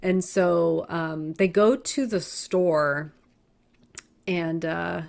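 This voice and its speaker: A woman's voice: fairly low pitch, very slow, vocal fry. Brief: female podcast co-host, casual, swears, retells scenes with energy. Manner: animated retelling with swearing and many fillers. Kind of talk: casual movie review chat.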